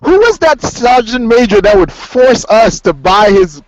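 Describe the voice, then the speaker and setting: Podcast host, male, animated storyteller, high lively voice, lo-fi mic. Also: measured pace, slight background noise. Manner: laughs often, swears, animated storytelling. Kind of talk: casual chat. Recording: dull lo-fi sound.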